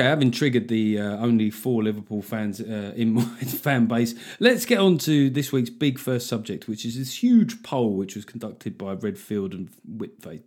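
A man runs his own podcast alone, riffing on current events with a sarcastic comedian's edge. He swears freely, and his pitch jumps up and down all the time as he rants. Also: a little mellow. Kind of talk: casual solo podcast monologue.

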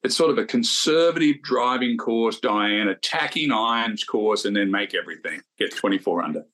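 A man's voice: on the low side, lively intonation, moderate pace, fairly bright tone. Man rambling about golf picks. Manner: rambling, repeats himself, addresses co-host by name. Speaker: golf podcast co-host. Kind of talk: casual sports betting chat.

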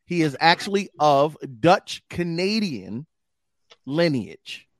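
A young adult man hosting a podcast in casual chat, animated and hype with plenty of slang. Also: a little high, takes it slowly, dry recording, clean studio sound. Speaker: podcast host.

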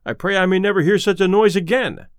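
A man's voice: sits high, fast, dry recording, studio quality, close to an everyday voice. A man voicing a frightened innkeeper in an audiobook, anxious and wailing. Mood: fretful. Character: frightened elderly male innkeeper, nervous.

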